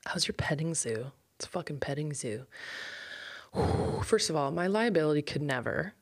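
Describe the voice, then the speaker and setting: A young woman hosting a solo podcast, ranting bluntly and swearing freely. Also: fairly low pitch. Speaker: podcast host.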